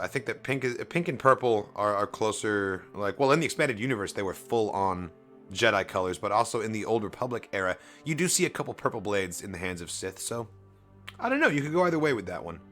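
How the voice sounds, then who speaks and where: An animated man riffs on the comic pages he is reading, his pitch swinging freely and his tone bright and forward. Faint music plays in the background. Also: fairly quick. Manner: animated, swears casually, laughs often. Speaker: streamer reading comics aloud. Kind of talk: casual comic read-along commentary.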